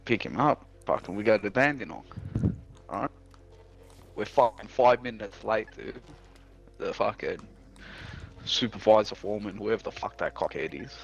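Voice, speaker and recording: A man's voice: on the low side, moderate pace, vocal fry, long pauses. Young aussie guy ranting about work, swears constantly, faint music behind. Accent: Australian. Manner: profane, blunt storytelling. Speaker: streamer. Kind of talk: casual storytelling.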